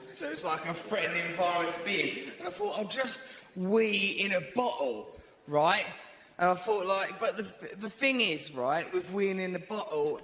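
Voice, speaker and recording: On a big theatre stage, a man rambles through a stand-up comedy story in an animated way, tossing in "right?" constantly. His voice sits high with a slight hiss or hum, and the echoey live hall carries audience laughter in the background.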